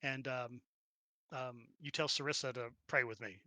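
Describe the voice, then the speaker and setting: A man's voice: mid-range voice, steady tone, moderate pace, bright, forceful tone, dry recording. A man running a tabletop role-playing game as game master, narrating the action animatedly, laughing often and acting out little sounds.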